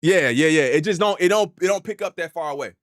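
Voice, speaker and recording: A man doing live stream reaction commentary, animated, repeating himself and laughing often. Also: on the high side, quick pace, no room sound, studio quality. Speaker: hip hop reaction streamer. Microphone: desk mic.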